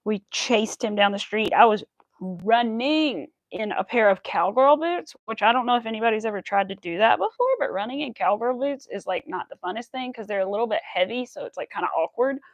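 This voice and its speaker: A woman's voice: a little high, animated, a little fast, no room sound, dull audio. A woman hosting a crochet livestream, chatting casually and rambling to her viewers as she works. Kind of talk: casual chat while crocheting.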